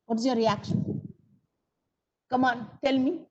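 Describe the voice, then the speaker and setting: A woman's voice: sits high, steady tone, a little slow, warm tone, dull audio. A woman with an Indian English accent teaching grammar in an online coaching class, coaxing her students to answer her questions. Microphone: video call.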